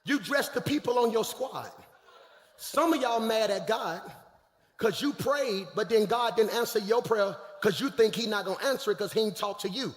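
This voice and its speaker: A man preaching a sermon as pastor, swinging between shouted calls and quiet, hushed storytelling. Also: high-pitched, expressive, moderate pace, long reverb tail. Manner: preaching in Black church style, shouting and dropping to a hush.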